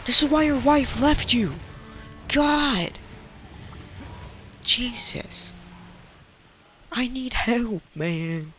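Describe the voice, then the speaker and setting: A man commentating his own gameplay, swinging between muttered complaints and panicked, swearing yells. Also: very high voice, extremely slow, pauses often. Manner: panicky, yelling, swearing outbursts. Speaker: let's play gamer. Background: game music.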